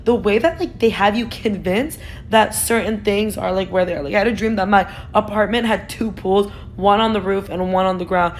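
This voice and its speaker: A young woman in her twenties vents straight into her phone camera in a loose, chatty way, full of "like" and the odd swear. Her voice sits at a middle pitch. A faint low rumble hums behind her. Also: moderate pace, hardly any pauses. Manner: chatty, frank, swears, lots of "like". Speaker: TikTok creator. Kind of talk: casual talk to camera.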